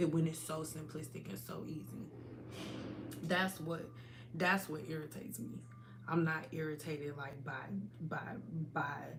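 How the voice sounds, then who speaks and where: A woman hosting a hair care livestream from home, talking to her viewers in a casual, animated and emphatic way. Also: low-pitched, background noise.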